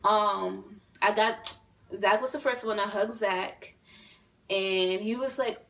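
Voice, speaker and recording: A woman in her twenties, a vlogger telling a story to camera in a rambling, excitable way, full of fillers and swearing. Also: mid-range voice, measured pace, creaky, distant mic, low-quality recording. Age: 20s.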